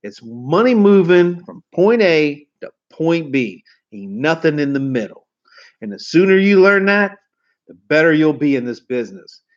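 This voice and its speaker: A man doing a gruff old car dealer. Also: on the high side, sing-song, unhurried, muffled recording. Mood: blunt.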